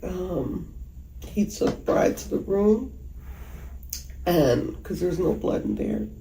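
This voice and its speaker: A woman giving emotional interview testimony as a mother, halting and hesitant with many pauses. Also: lowish voice, expressive, dark tone. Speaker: mother recounting a killing. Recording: echoey room with faint background noise.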